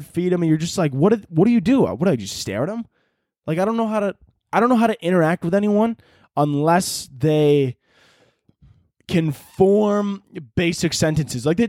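A young man hosts a casual podcast, swearing freely and rambling as he acts out imagined conversations. His voice sits somewhat high for a man and jumps higher when he gets worked up. The sound is dry and close, with no room echo. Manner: profane, animated, rambling, acts out imagined dialogue. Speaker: podcast host. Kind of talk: casual comedic podcast rant.

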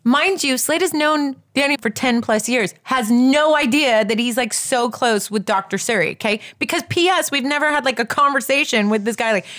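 A woman casually telling a story as a podcast co-host, animated and acting out quotes with big jumps in pitch. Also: moderate pace, few pauses.

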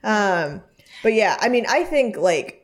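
Slow but very animated, this medium-pitched woman co-hosts a casual podcast from Texas. She rambles through her stories, filling them with ums and likes.

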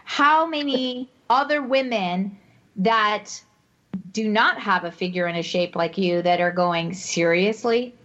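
A woman co-hosting a casual Christian women's talk show, telling stories in an animated way and laughing often. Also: mid-range voice, a little slow. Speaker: podcast co-host. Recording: dull lo-fi audio.

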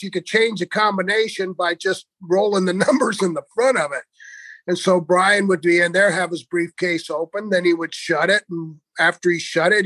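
A man's voice: high voice, fairly bright tone, no room sound. A man casually telling prank stories, chuckling mischievously as he goes. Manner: laughing, mischievous storyteller.

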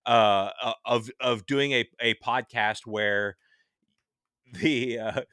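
A man's voice: mid-range voice, fairly even intonation, takes it slowly, sharp tone, clean tone, dry recording, clean studio sound. A man guesting on a podcast, chatting enthusiastically and rambling with restarts. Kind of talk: casual interview chat.

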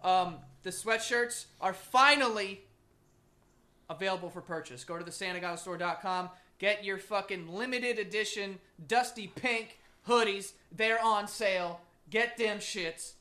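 A young man co-hosting a podcast from a makeshift home studio, joking loudly and crudely in casual banter. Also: high-pitched, a little slow. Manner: loud, joking, crude, animated. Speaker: podcast co-host.

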